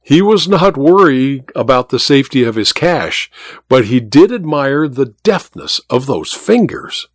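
A man narrating an audiobook in an animated, theatrical reading. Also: mid-range voice, measured pace, dry recording, studio quality.

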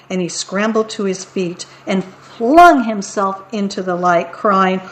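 A woman reading picture books aloud as a storyteller, in a playful, expressive way. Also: medium pitch, unhurried, few pauses, low-quality recording. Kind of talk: picture book read-aloud.

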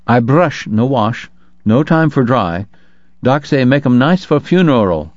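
A man's voice: mid-range voice, animated, unhurried, dry recording, voice pushed up, natural voice. A man doing a clipped middle-aged laundryman. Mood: brisk. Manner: clipped broken English. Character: curt middle-aged male laundryman, broken English. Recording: dull lo-fi dry recording.

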